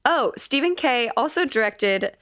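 A woman's voice: on the high side, expressive, measured pace, fairly bright tone, no room sound, clean studio sound. A woman co-hosting a podcast in casual, slangy, enthusiastic talk. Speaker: podcast co-host. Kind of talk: casual chat.

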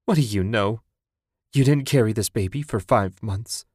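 A man's voice: normal speed, a little mellow, no echo, studio quality, lightly acted. A man voicing a grieving young wife who screams and screeches in despair. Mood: anguished. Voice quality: shrill and screeching.

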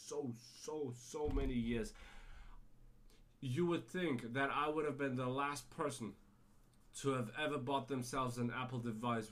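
Excitable, swearing man with a British-leaning accent. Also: medium pitch. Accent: British-leaning, sometimes drifting American. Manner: excitable, profane, rambling with restarts. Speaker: podcast host. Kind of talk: casual solo podcast monologue.

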